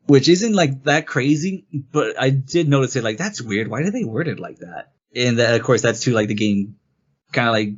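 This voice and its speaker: The audio is dull, and the man's mid-range voice moves at a normal speed. He's a co-host on a casual podcast reviewing games, animatedly meandering through the plot and quoting the characters in their own voices.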